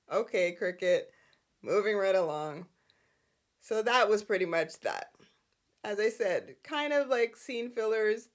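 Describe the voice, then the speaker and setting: A woman's voice: medium pitch, a little slow. A woman hosting a soap opera recap, chatting casually, laughing often and acting out the characters' lines. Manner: animated, laughs a lot, acts out characters' lines.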